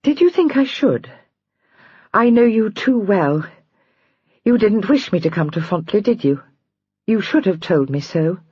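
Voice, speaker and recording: A woman voicing a highly strung young lady who talks in an impulsive, throbbing, emotional way. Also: expressive, a little slow, pauses often, mellow, breathy edge, no room sound. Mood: reproachful. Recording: dry, slightly dull recording.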